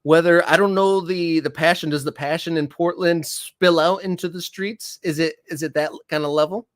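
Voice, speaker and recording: A man guest co-hosting a live sports talk show, relaxed and hesitant with many fillers. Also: on the high side, moderate pace, slight background noise. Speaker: guest co-host.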